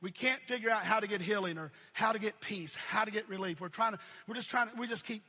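A male pastor with a high, piercing, bright voice delivers a sermon in repeating cadences. He swells to shouts and falls back to near-murmurs. His voice rings out with a long hall reverb. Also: fast, husky. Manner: preaching in repeated cadences, swelling to shouts then dropping low.

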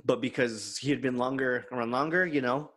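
A man's voice: medium pitch, fairly quick, fairly bright tone. A man co-hosting a podcast, candidly telling a personal story in casual chat and quoting others in his own voice. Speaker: podcast co-host.

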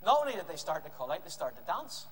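A male preacher tells a Bible story to his congregation with lively, acted-out delivery. His voice sits high and swings widely in pitch. It carries through a reverberant hall with a faint background hiss. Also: quick pace, crowd noise. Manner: lively storytelling, acting out scenes. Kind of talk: animated children's Bible story.

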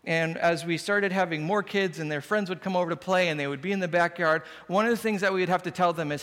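A man's voice: high voice, quick pace, hardly any pauses, a bit bright. A man preaching a sermon as pastor, conversational and humorous. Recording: long hall reverb.

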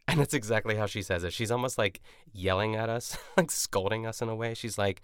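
Very deep, smooth-voiced rambling podcast host. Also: male voice, moderate pace, fairly bright tone, no room sound, clean studio sound. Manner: rambling, full of "like" and self-corrections. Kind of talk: casual podcast recap of a cooking show.

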